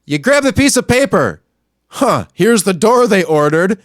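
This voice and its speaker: High-voiced man on a profane rant. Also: very animated, a little slow, dry recording, studio quality. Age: adult, not much older than a young store clerk. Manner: angry, crude, swings between muttering and yelling. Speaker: podcast host. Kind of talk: profane ranting monologue.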